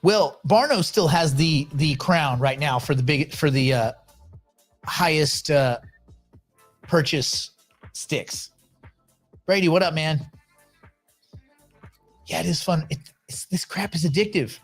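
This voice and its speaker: A man's voice: on the high side, animated, slow, long pauses, soft background music. A man casually hosting a livestream, talking in a rambling, chatty way with frequent restarts. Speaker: livestream host.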